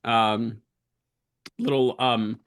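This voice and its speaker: A man playing a tabletop role-playing game, describing his character's actions with many pauses and fillers. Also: medium pitch, steady tone, a bit bright, smooth. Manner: hesitant, filler-heavy describing. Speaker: player.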